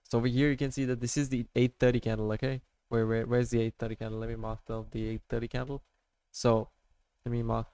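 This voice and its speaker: A man's voice: mid-range voice, a little mellow, clear, resonant tone, no echo. A man talking viewers through his trading charts in a loose, casual screen-share tutorial, rambling and peppering his talk with "like", "okay?" and "right?". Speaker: amateur trader showing his charts.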